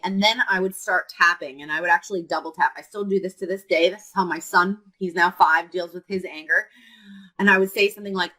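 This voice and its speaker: A woman in her thirties, a mom coach, giving earnest casual advice in a vlog, often checking in with "right?" and filling pauses with "um". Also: mid-range voice, steady tone, pushed and bright, low-quality recording.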